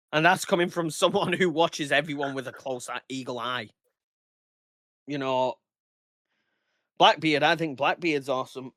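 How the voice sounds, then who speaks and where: A man's voice: fairly high pitch, fairly bright tone, no room sound, clean studio sound. A man in his thirties in casual podcast chat, heated and ranting, swearing freely. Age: 30s. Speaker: podcast guest.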